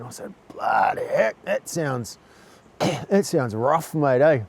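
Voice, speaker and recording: A man's voice: on the high side, expressive, unhurried, gravelly, mellow. A man vlogging, telling a personal story in a chatty, earnest way and often calling the listener "mate".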